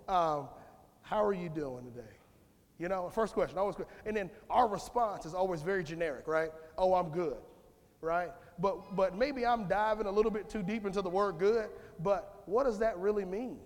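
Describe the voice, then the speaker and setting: A man giving an informal, conversational sermon in church, rambling with restarts and calling on the congregation. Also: high voice. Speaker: lay speaker giving a church message. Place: church sanctuary. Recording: long church hall reverb.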